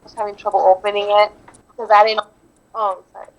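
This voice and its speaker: A woman's voice: mid-range voice, level tone, a little fast, poor audio. A woman guest in an interview, answering casually and hesitantly, often restarting and repeating herself.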